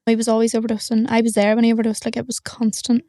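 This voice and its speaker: Young Northern Irish woman, frank matter-of-fact guest, higher voice, flat delivery, mellow tone. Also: rapid-fire, dry recording, studio quality. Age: young adult. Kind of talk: candid interview talk.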